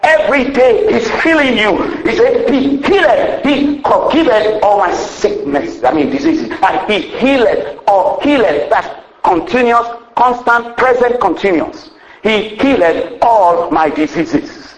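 A man preaching a sermon with fervent call-and-response exclamations, dropping to quiet asides and chuckling often. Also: expressive, a little slow, reverberant, rough recording. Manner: fervent, swings between loud exclamations and low asides, laughs often.

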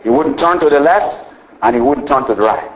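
A man's voice: a little high, lively intonation, a little fast, lo-fi sound, slight background noise. A man preaching a sermon with a rising and falling cadence, often saying "you know" between phrases.

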